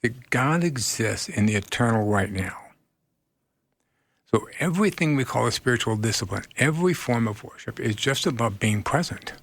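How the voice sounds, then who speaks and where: A man speaking as a guest therapist in a radio interview, earnest and animated, laughing often as he tells stories. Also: mid-range voice, moderate pace, gravelly.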